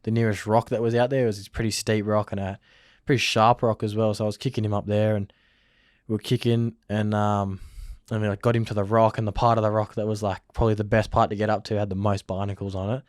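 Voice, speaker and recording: Young Australian male interview guest, casual rambling storyteller, rapid flat delivery. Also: lowish voice, no room sound, studio quality. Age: young adult. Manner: rambling, filler-heavy, lots of "like". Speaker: interview guest, rugby league player.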